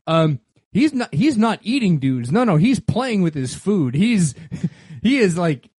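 Podcast host, male. Fairly high voice, dead-dry close sound, loves a corny pun. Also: sing-song, measured pace, a little mellow, breathy edge, no echo. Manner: joking, tells dad jokes and laughs at them. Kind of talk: casual chat.

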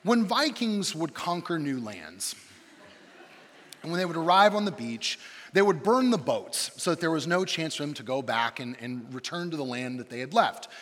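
A man in his thirties, a campus pastor, preaching a humorous sermon and telling stories about himself in an animated, self-deprecating way. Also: a little high, moderate pace, in a large hall. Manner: animated, self-deprecating storyteller with shifting energy.

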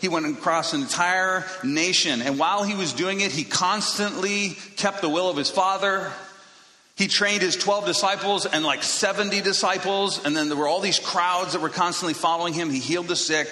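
A man preaching a sermon to his congregation in a casual, conversational way, with quick self-deprecating asides, speaking into a microphone. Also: a little high, pushed and bright. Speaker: pastor. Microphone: handheld or stage microphone. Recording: echoey hall reverb.

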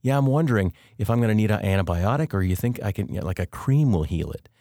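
A man's voice: on the low side, animated, fast, mellow, dry recording, clean studio sound. A man retelling the words of a chatty woman clerk at a rental car counter in a slightly raised, breezy voice.

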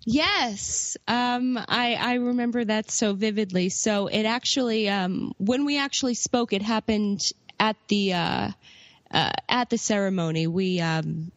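A woman co-hosting a podcast, telling an improvised comic story in a mock-dramatic, halting way. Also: mid-range voice, dull audio. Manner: mock-dramatic, hesitant with fillers. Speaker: podcast co-host.

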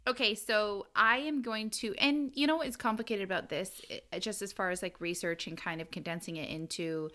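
A woman's voice: medium pitch, steady tone, a little fast, hardly any pauses, bright, forceful tone. A woman co-hosting a casual podcast, chatty and self-deprecating, laughing often as she walks through her research. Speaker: podcast co-host presenting the episode research.

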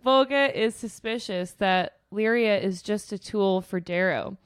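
A woman co-hosts a casual book podcast, recapping chapters in a mid-pitched, animated voice. She swears freely and slips into characters' lines as she goes. The sound is dry and close. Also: measured pace, clean tone, no echo. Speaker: podcast co-host.

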